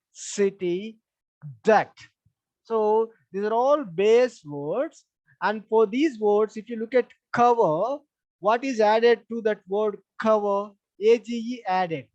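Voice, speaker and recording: A man's voice: sits high, a little mellow, dry recording. A man with an Indian English accent teaching an online English class, patiently repeating points and spelling words out letter by letter. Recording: dull lo-fi sound.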